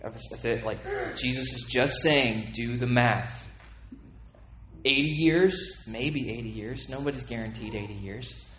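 A man preaching a sermon in a conversational way, often asking "okay?" and "right?", repeating and restarting words, and rising in pitch and volume when he gets emphatic. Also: measured pace, a bit bright, a little hiss or hum. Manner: conversational, asks listeners to check in with "okay?" and "right?". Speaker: pastor.

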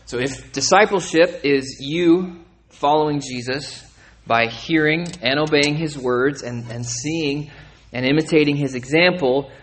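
A man preaching a sermon in a conversational way, often asking "okay?" and "right?", repeating and restarting words, and rising in pitch and volume when he gets emphatic. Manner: conversational, asks listeners to check in with "okay?" and "right?". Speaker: pastor.

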